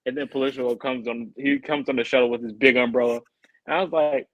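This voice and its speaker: With a mid-range voice and a fast pace, this man co-hosts a podcast and spins a lengthy anecdote, lively and acting out each character's lines. The audio sounds dull, with no room sound at all.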